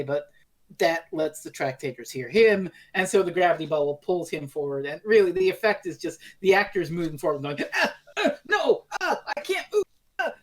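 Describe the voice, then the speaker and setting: A woman co-hosting a podcast in casual chat, blunt and swearing freely as she recaps. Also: low voice. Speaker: podcast co-host.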